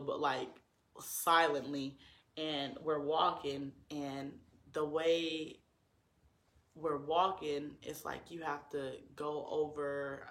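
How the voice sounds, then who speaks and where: A man's voice: fairly high pitch, fairly bright tone, echoey room. A man telling a personal story to his viewers in an earnest, emotional way, full of likes and ums.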